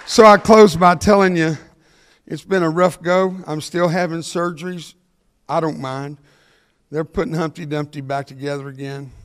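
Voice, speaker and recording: Older man with a lively, joking delivery. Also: fairly high pitch. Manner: animated, jokey, laughs at his own punchlines; talks fast. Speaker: motivational speaker. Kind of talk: humorous storytelling talk.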